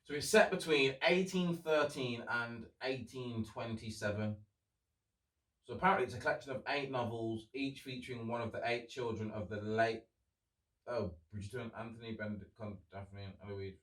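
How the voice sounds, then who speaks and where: A man's voice: mid-range voice, normal speed, a bit bright, distant mic. A young man hosting a casual solo podcast, rambling and chatty and swearing freely. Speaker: podcast host. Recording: roomy, off-mic sound.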